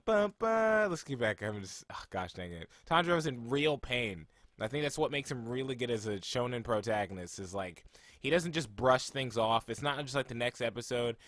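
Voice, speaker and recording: A man's voice: mid-range voice, pushed and bright, dry recording. A man hosting an anime reaction video, talking casually and emotionally, rambling with fillers and ranting.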